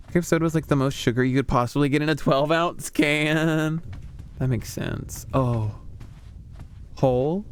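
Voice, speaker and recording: A man chats with his stream audience in a smooth, clear voice. He rambles freely, with plenty of likes and restarts as he drifts between topics. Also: a little high, a little slow. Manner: rambling, chatty, lots of fillers. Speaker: VTuber streamer. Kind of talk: casual stream chat.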